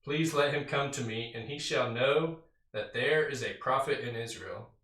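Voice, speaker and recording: Bright-voiced man teaching Bible study. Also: mid-range voice, normal speed. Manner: reads scripture aloud, then explains it conversationally with fillers and "right?". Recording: roomy sound from a distant mic.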